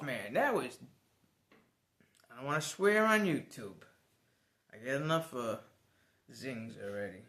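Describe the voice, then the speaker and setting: A man telling a personal story to the camera in a casual vlog, animated and swearing now and then. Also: mid-range voice, unhurried, pauses often, echoey room. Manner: animated, swears, laughs as he tells it. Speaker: vlogger.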